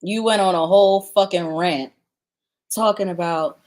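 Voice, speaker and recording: A woman's voice: lowish voice, measured pace, darkish tone. Blunt, sarcastic woman commentator. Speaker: commentary host. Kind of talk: reaction commentary.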